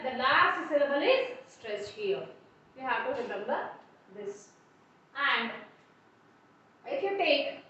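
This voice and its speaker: A woman's voice: sits high, fairly bright tone, slight background noise. Woman lecturer, Indian English, methodical with examples; muffled, distant, echoey recording. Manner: explains step by step with many examples. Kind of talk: online class lecture.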